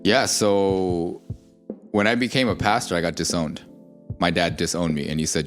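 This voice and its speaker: A man's voice: sits low, fairly even intonation, moderate pace, faint music behind. A middle-aged man, a pastor, talking casually on a podcast about his family, reflective and full of small fillers. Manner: reflective storytelling with many fillers.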